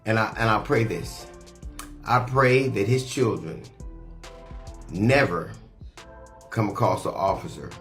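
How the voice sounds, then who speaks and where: A man speaking in a measured, earnest way as a commentator. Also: fairly low pitch, a bit bright, faint music behind.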